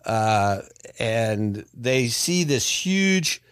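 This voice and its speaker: A man hosts a casual podcast and carries a long story with lots of restarts. His pitch swings widely as he talks. The sound is dry and close. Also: drawn-out words, clean tone, no echo. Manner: animated, rambling with restarts. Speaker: podcast host.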